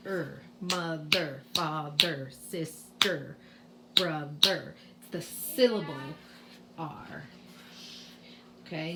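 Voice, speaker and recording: Patiently sounding out letters, a middle-aged Boston-accented kindergarten teacher explains spelling rules to parents in a home video lesson. Her voice is fairly low and a bit bright, with a little hiss or hum.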